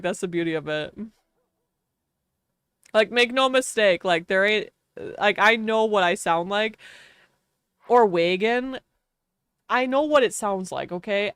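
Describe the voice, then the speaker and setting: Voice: medium pitch, lively intonation, measured pace, a bit bright, clean tone, no echo, studio quality. A young adult game streamer with a strong Wisconsin Midwestern accent, chatting casually and playfully mocking their own way of talking.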